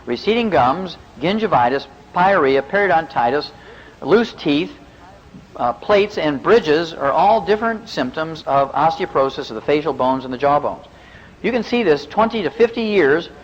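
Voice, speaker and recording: A fast-talking, animated Midwestern man who works as both a veterinarian and a physician gives a folksy, joke-filled health lecture to a live audience, his voice on the high side with a big-room sound. The lecture recording is muffled, with faint hiss.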